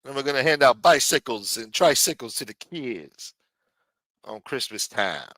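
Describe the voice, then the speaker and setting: A man's voice: medium pitch, expressive, moderate pace, pushed and bright, no echo. A man, hosting a livestream and rambling casually, swearing often and tagging "man" onto his sentences. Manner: rambling, profane, says "man" a lot. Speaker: livestream host.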